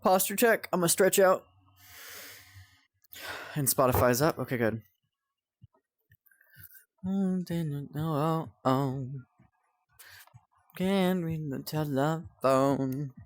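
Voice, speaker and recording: A young man live-streams a game that keeps failing, rambling to his chat in exasperation and swearing a lot. His voice is fairly high, with drawn-out words and frequent pauses, and the recording is dry.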